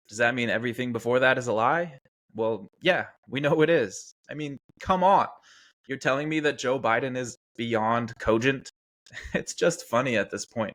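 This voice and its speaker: A man's voice: medium pitch, moderate pace, a bit bright. A man hosting a podcast and giving casual political commentary in a sarcastic tone, chuckling often. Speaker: podcast host.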